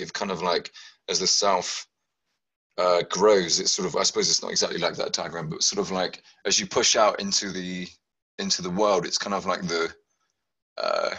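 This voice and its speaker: Very deep, husky man with a bright edge; casual and hesitant, lots of fillers. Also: rough recording. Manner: hesitant, heavy use of "like" and "kind of". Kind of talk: casual group discussion.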